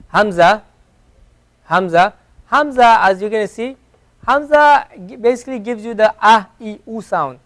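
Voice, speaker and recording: A man with a high-pitched voice speaks at a normal speed while leading an Arabic class. He patiently says each letter sound again and again to demonstrate pronunciation, in a classroom at an Islamic center.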